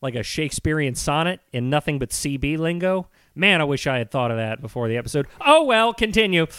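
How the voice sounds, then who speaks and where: Brief: teasing male co-host, fairly high voice, very lively, dry sound. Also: brisk, clear, resonant tone, no echo. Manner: jokey, teasing. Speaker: podcast co-host. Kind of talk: casual chat.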